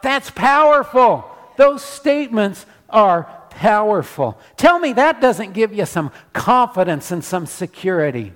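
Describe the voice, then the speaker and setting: A man preaching a sermon as pastor in a church, animated, repeating his declarations. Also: sits high, measured pace, big-room sound.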